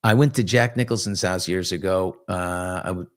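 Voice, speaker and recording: A man's voice: low-pitched, normal speed. A middle-aged man hosting a casual live chat show, joking and telling loose, rambling anecdotes full of asides. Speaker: host.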